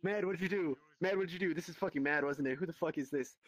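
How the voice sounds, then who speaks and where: A male streamer in casual game voice chat, loud, exasperated and swearing a lot. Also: on the high side, fast.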